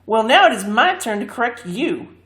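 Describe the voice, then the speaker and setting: A woman's voice: on the high side, big pitch swings, moderate pace, a bit bright, reverberant, voice pushed up. A woman voicing a portly, cold man who despises magic and threatens the others. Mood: menacing. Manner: blunt and threatening.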